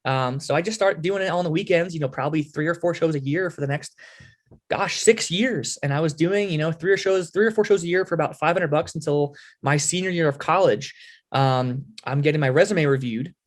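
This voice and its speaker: A man in his twenties from the Philadelphia area, a podcast guest telling his story with lively energy and many fillers. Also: fairly high pitch, a little fast. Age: 20s. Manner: animated storyteller, lots of fillers. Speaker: podcast guest, halftime performer. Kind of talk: casual storytelling interview.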